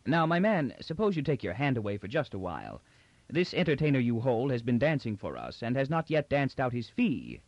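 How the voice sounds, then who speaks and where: Man reading a calm defiant young hero. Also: medium pitch, fairly quick, no echo. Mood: firm. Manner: steady, firm, calmly assertive. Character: bold young male trader, coolly defiant. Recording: dull dry audiobook recording.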